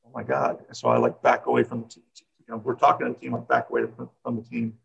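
A man's voice: medium pitch, very animated, fast talker, creaky, dull audio. A middle-aged man who coaches, telling a personal story in an interview, rambling and repeating words with many fillers.

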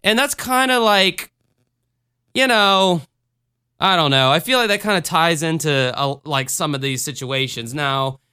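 Bright, clear-voiced man rambling casually. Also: on the high side, unhurried. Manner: rambling, profane, animated storytelling. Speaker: podcast co-host reviewing a book. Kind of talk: casual chat.

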